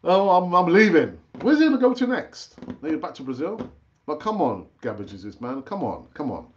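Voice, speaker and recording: A man hosting a casual live-stream football chat, chatty and animated, rambling with fillers and restarts, his pitch jumping up when he gets excited. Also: a little fast, highs cut off. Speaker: football channel host.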